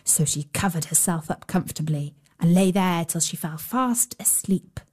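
A woman narrating a bedtime fairy tale as a storyteller, with a gentle storybook cadence. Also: fairly low pitch, fairly even intonation, moderate pace.

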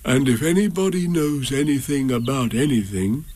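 A man's voice: medium pitch, normal speed, warm tone, no room sound, lightly acted. An earnest, kindly teddy bear, as a man puts him on for a storybook, plain-spoken and well-meaning. The voice sits a touch above the reader's own and takes on a different tone from his narration. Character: kindly, simple-minded male teddy bear. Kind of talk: storybook reading.

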